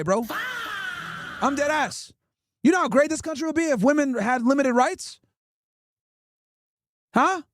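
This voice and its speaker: Brief: high-pitched man, stream host, blunt profane rants, dry close sound. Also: no room sound. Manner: profane, blunt, emphatic ranting. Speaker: livestream host. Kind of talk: casual streaming rant reacting to clips.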